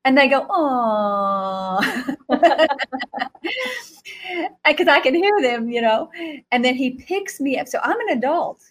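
A middle-aged woman telling a story in an animated way, laughing often and jumping to a high voice when she acts out reactions. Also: a little slow, pauses often. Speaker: guest recounting a vision.

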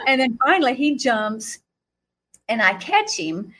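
Animated, laughing woman storyteller. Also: on the high side, unhurried. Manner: animated, acts out quotes, laughs often. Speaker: guest speaker. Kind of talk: recounting a vision.

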